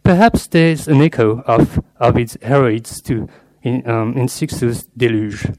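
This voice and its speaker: A man delivering an academic lecture on literature, read from a prepared paper in a measured, scholarly way with Latin and French terms woven in. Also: mid-range voice, darkish tone.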